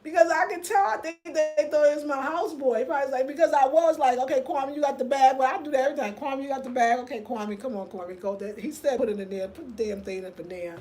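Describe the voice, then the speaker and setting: Woman host, animated storyteller talking to viewers, higher voice, faint background noise. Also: quick pace, hardly any pauses. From United States. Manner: animated storytelling, talks straight to viewers, reads comments aloud. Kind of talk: casual livestream rant.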